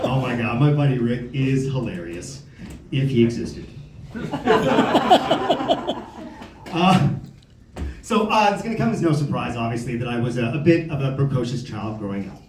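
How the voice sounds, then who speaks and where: A man doing a stand-up comedy set on a club stage, animated and slipping into silly voices for the people in his stories. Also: medium pitch, normal speed, long pauses, slight background noise. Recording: roomy club sound from a distance.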